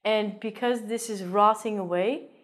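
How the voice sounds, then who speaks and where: A woman's voice: mid-range voice, steady tone, unhurried. A woman teaching an English vocabulary lesson in a playful, jokey way, with theatrical asides.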